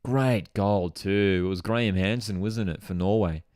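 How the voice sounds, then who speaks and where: A man hosting a live football watchalong, reacting to goals with excitement and chatting to viewers as he reads their comments aloud. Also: lowish voice, moderate pace, clear, resonant tone, dry recording, studio quality.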